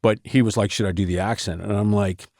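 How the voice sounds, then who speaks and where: A middle-aged man, talking as a writer guest in a relaxed, wry interview, laughing often as he tells stories. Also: lowish voice, fast, no room sound, clean studio sound. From Boston. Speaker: novelist and screenwriter guest.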